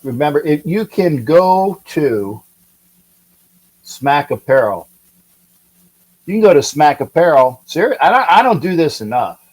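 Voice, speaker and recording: Slow, rambling man hosting a sports livestream. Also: medium pitch, darkish tone, rough recording. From California. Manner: rambling, chatty, reads viewer comments aloud. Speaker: sports talk livestream host. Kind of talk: casual live-stream sports talk.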